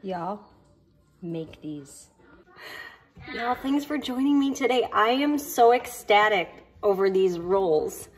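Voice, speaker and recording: A woman's voice: medium pitch, lively intonation, slow. A woman talking through her baking in a chatty, gushing kitchen vlog. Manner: chatty and gushing, with many fillers. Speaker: home cooking vlogger.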